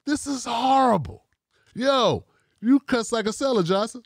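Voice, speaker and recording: High-voiced blunt male show host. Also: moderate pace, dry recording, studio quality. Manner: blunt, profane and animated, talking straight at the audience. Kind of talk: casual commentary show.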